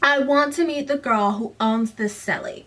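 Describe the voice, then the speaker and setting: A woman's voice: high-pitched, moderate pace, fairly bright tone, far from the mic, pitched above the performer's own voice. Woman putting on a pompous male director. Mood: haughty. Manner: haughty drawl, attempted accent.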